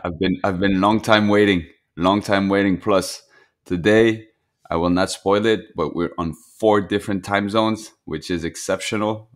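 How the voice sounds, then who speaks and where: Low-voiced man chatting with British slang. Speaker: podcast co-host. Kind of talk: casual chat.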